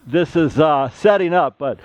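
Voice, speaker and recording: Chatty plasterer rambling through a demo. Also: male voice, on the high side, expressive, unhurried, no room sound, highs cut off. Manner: rambling, chatty, tells side stories. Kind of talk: casual how-to demonstration.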